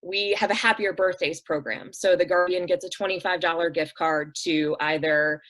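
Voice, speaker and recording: A woman's voice: on the low side, steady tone, moderate pace, a bit bright, low-quality recording. A woman guest on an interview show, telling heartfelt stories in an earnest, conversational way with frequent "um" and "like". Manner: earnest, acts out quoted voices, many "um" and "like". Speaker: interview guest, nonprofit director. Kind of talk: conversational storytelling.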